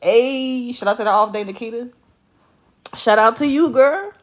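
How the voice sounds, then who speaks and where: A woman streaming live from her bed at home, greeting viewers by name in animated, slangy casual chat. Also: fairly high pitch, moderate pace.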